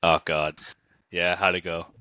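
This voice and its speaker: A man's voice: low voice, unhurried, clean tone, no echo. A young man chatting casually and joking, dropping "bro" and "dude". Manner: animated, jokey, says bro and dude. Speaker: podcast co-host. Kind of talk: casual chat.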